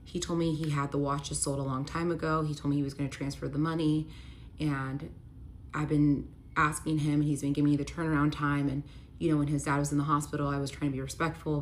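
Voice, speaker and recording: Young woman, low voice, emotional storytime vlog, lots of "like"s, close to tears, some faint noise behind. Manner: candid, many "like" fillers, rises to pleading when reliving the argument. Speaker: vlogger telling a personal story.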